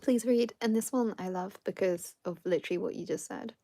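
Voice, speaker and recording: A woman teaches a beginners' Japanese class in a relaxed, chatty way. She laughs often and fills her sentences with "like." Her voice carries a gravelly, creaky edge. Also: medium pitch, a little fast, dry recording. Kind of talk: casual live lesson chat.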